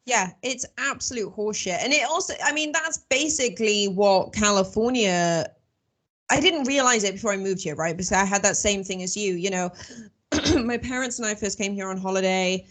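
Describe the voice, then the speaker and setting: A woman's voice: mid-range voice, moderate pace, a bit bright. A woman hosting a casual political chat, blunt and swearing freely. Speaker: host.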